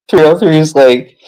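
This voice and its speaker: A man's voice: on the high side, mellow, poor audio. A man telling a story on a casual live stream, laughing constantly as he talks and rambling with a lot of "like" between words. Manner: laughs constantly while talking; rambling, heavy use of "like".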